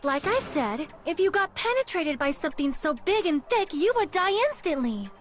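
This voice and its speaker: An actress playing a poised, formal young princess in dubbed video game dialogue. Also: female voice, high voice, sing-song, moderate pace, faint music behind. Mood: earnest. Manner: earnest and formal.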